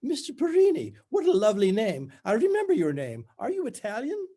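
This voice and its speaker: A man putting on a prim, shrill older woman tutor. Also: huge pitch swings, fairly quick, full character voice. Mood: prim, falsely cheery. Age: 50s. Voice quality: strangulated, forced through gritted teeth. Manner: unbearably faux bright, prim and bossy.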